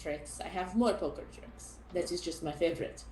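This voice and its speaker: Woman, show host, casual chat, playful, drawn-out, echoey room. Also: fairly low pitch, darkish tone, slight background noise. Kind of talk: casual video-call chat.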